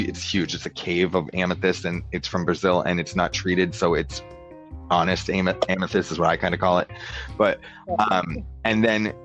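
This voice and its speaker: A man's voice: fairly low pitch, dull audio. A man telling a rambling story in casual chat, filling it with "like" and acting out what people said. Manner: rambling storyteller, many "like"s, acts out dialogue. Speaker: podcast guest.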